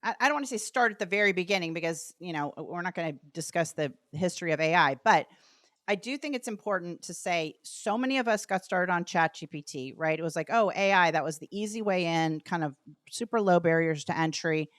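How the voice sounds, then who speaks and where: A woman hosting a podcast, talking in a bubbly, chatty way with animated asides. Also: on the low side, fairly quick, no echo, studio quality. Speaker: podcast host. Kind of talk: casual podcast chat.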